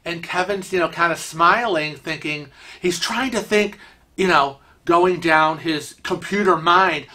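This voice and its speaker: Slow, bright-voiced male storyteller. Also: on the high side. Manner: chatty, laughing at his own stories. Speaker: host. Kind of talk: casual storytelling.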